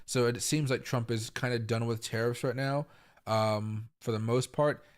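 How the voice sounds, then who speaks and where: A young adult man from the US Pacific Northwest hosts a live crypto market stream in casual, rambling commentary, full of fillers and repeats, with sudden loud outbursts. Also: medium pitch, steady tone, normal speed, smooth. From Tacoma, Washington, US. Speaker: crypto market livestream host.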